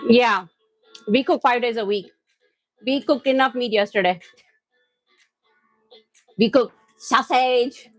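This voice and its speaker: High, excitable woman hosting a cooking stream. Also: slow pace, pauses often, no room sound, soft background music. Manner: excitable, loud, often laughing at herself. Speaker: cooking live-stream host. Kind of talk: live cooking stream chat. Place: home kitchen.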